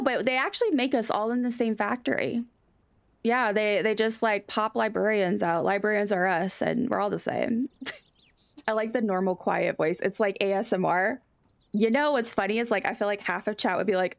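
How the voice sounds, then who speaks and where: Giggly animated woman streamer, gravelly edge. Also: mid-range voice, normal speed, no room sound. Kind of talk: casual live-stream chat.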